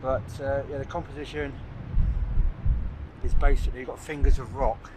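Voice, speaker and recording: An older man of middling pitch chats away to camera while taking pictures, filling his sentences with "uh"s as he thinks aloud. He is recorded outdoors on a cliff top, with clear outdoor noise running under his voice. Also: little pitch movement, moderate pace. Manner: rambling, thinking aloud with many "uh"s. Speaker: landscape photographer vlogger. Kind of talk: casual talk to camera while shooting. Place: outdoors on a coastal cliff at sunset.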